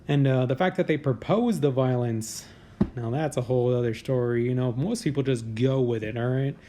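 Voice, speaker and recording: A man's voice: medium pitch, moderate pace, dark tone, slight background noise. A man hosting a comedy news podcast, riffing on headlines in a casual, crude, sarcastic way. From United States. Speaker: podcast host.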